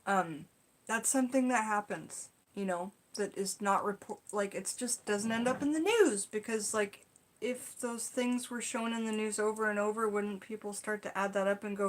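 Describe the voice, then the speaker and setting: A woman's voice: mid-range voice, a little slow. A young woman in casual vlog chat, reading folk magic lore from a book and rambling off into chatty asides. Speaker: witchcraft vlogger.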